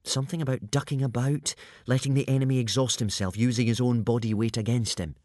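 A man narrating a children's adventure book in a lively, expressive reading. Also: medium pitch, fast talker, no room sound, studio quality. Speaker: audiobook narrator. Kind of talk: scripted storybook narration.

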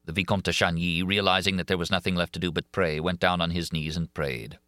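A man narrating an audiobook in a dramatic, expressive way. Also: deep voice, a little fast, dry recording, studio quality.

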